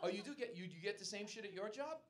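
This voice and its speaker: A brash stand-up comedian, a man who swears freely and needles the crowd. His voice sits a bit high and swings widely. He is recorded live in a noisy club, with loud crowd laughter rolling underneath him. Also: expressive, fast. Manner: brash, profane, teasing. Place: comedy club stage, indoors.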